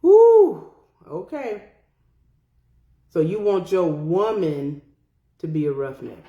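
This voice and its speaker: A young adult woman hosting a podcast, chatting casually and reading comments from a live chat in a blunt, profane, animated way. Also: sits low, takes it slowly, reverberant, lo-fi sound.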